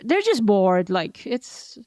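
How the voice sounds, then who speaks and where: A woman hosting a casual podcast interview, chatty and quick to laugh as she tells anecdotes. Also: medium pitch, very animated, darkish tone, no echo. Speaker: podcast host.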